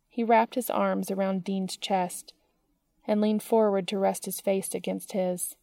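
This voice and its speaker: A woman reading fiction aloud with a slow, even storytelling delivery. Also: medium pitch, creaky, no room sound, clean studio sound. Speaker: narrator.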